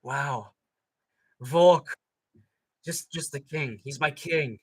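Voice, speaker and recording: A man's voice: a little high, very slow, long pauses, a little mellow, breathy edge. A young man hosting a live fight reaction stream, ranting sarcastically with plenty of profanity. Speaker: streamer host.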